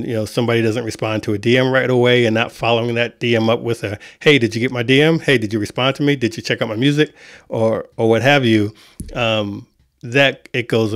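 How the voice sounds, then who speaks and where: A man's voice: medium pitch, no echo, studio quality. A man hosting an online music panel, talking casually with many restarts. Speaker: community host.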